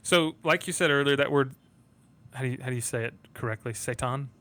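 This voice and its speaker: A man co-hosting a casual Christian conversation, explaining ideas earnestly and reading Bible verses slowly. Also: medium pitch, fairly bright tone.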